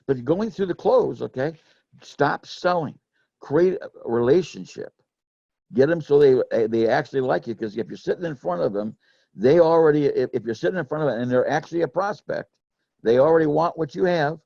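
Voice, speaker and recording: A man's voice: on the high side, expressive, normal speed, vocal fry, mellow, no room sound, lo-fi sound. A middle-aged man telling rambling, folksy stories about selling insurance, with lots of restarts. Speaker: former insurance sales manager telling sales stories. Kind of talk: casual storytelling chat.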